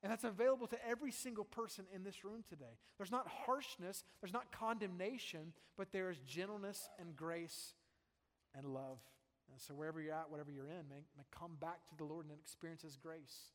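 A man with a notably high voice delivers a sermon to a congregation. He speaks emphatically, circling back and repeating phrases as he presses his points. His voice rings out with a long reverb through a large church hall. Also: a little fast, a bit bright. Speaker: pastor. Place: church sanctuary before a congregation.

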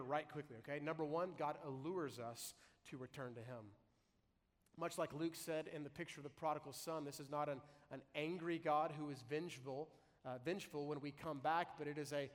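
Guy pastor preaching, kinda high voice, casual sermon, big echoey church hall. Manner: conversational preaching, slows to read scripture.

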